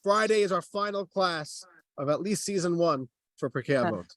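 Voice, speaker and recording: Rabbi with a high, animated voice, acting out dialogue in a dry, close recording. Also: male voice, normal speed, no room sound. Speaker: rabbi teaching a class. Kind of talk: storytelling Torah class.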